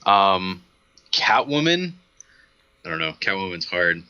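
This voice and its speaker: Guy co-hosting a podcast, halting, lots of restarts, bright lively voice, dry sound. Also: low voice, clean tone, no echo, lo-fi sound. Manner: hesitant, restarts often. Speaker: podcast co-host. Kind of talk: casual chat.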